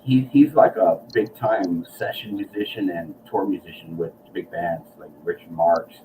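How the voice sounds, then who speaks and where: A man's voice: low-pitched, moderate pace, dark tone, far from the mic, slight background noise, poor audio. A man hosting a casual chat, telling a rambling, profane story and acting out what people said. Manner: rambling, profane, acts out quotes. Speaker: host. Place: guitar shop or room, San Antonio.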